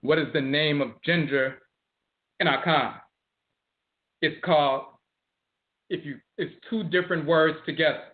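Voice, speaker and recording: A man giving a lecture on history and word origins, slowly explaining, repeating and spelling out terms. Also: on the high side, steady tone. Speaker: teacher of ancestral religion. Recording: tinny phone-like audio.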